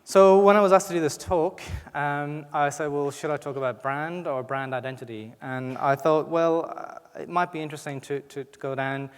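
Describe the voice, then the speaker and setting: A man's voice: fairly high pitch, fairly even intonation, moderate pace, few pauses, clean tone. A man with an Irish accent giving a conversational conference talk, often restarting his sentences. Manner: conversational, frequent restarts and fillers. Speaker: conference speaker. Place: conference hall. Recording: reverberant hall.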